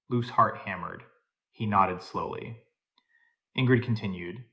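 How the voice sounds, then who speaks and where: A man narrating a scripted drama story in an even, steady manner. His voice sits on the low side and keeps a plain reading pace throughout. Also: moderate pace.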